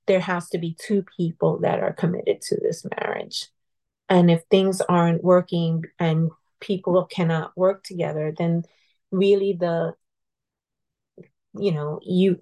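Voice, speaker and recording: A woman guest telling a personal story in an earnest, heartfelt, halting way. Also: fairly low pitch, mellow. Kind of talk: personal storytelling in a podcast conversation.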